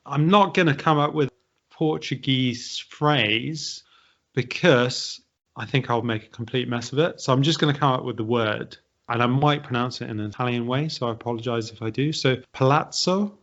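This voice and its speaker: British man, podcast host, medium pitch, hedging explainer, quizzing style, muffled lo-fi sound. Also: fairly bright tone. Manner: thoughtful, hedging, poses quiz questions. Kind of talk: casual explanatory chat. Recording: dull lo-fi audio.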